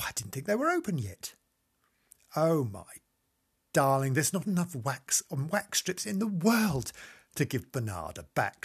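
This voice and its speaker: A man's voice: fairly high pitch, fairly bright tone, breathy edge. Theatrical man with swooping delivery. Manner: theatrical, camp, swooping between squeals and mutters. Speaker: podcast host. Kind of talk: comic monologue.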